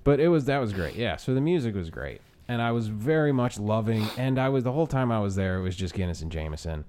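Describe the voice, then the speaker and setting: A man telling a story in casual chat, animated and profane, often laughing. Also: lowish voice, fast talker. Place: bar room.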